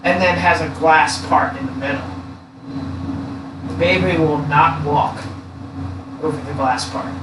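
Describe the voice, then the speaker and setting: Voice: mid-range voice, a little slow, long pauses. A speaker chatting casually, explaining things in long, rambling, swearing asides. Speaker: co-host. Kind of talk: casual chat. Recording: echoey room, far from mic, noisy.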